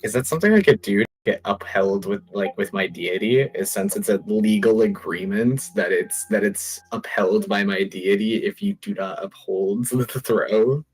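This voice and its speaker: A man's voice: lowish voice, normal speed, few pauses, breathy edge, low-quality recording. A man playing a tabletop game in casual chat, joking and thinking aloud about his moves. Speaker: player.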